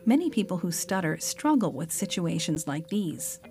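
A woman giving calm, measured scripted narration and voice-over translation for a documentary. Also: on the low side, faint music behind.

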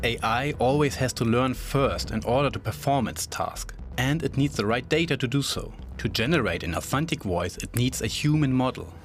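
A man's voice: mid-range voice, normal speed, hardly any pauses. Man narrating a news feature. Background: faint music.

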